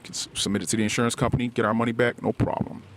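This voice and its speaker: A middle-aged man hosting a podcast, telling a personal story in a candid, halting way, often restarting and searching for words. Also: mid-range voice, level tone, a crowd in the background. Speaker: podcast host. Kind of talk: personal confessional podcast monologue. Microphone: podcast microphone, self-recorded.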